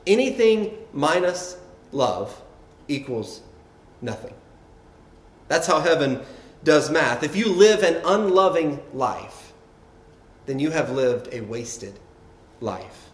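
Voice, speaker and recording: A man's voice: fairly high pitch, sing-song, slow, pauses often. Echoey preaching man, conversational. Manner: conversational preaching with repeated words and tags like "right?". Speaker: pastor. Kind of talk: sermon.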